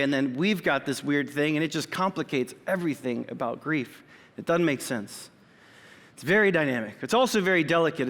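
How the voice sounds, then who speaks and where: A man's voice: fairly high pitch, fairly bright tone. A pastor in his forties giving a sermon in a church auditorium, talking conversationally with personal asides. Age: 40s. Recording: long reverb of a church hall.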